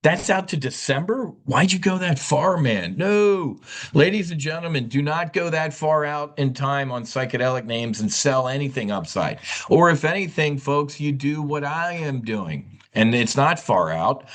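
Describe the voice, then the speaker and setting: Blunt, animated trading-show man. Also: on the high side, a little slow. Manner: animated, blunt, scolding, repeats himself. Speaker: options trading host. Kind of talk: live trading webinar.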